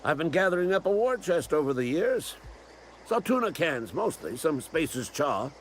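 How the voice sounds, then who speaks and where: Game voice: an old resistance leader, conspiratorial, higher pitch, lively rise and fall. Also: male voice, normal speed, slight background noise. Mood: gruff. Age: older. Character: old male resistance leader, paranoid about robots. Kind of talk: video game character dialogue.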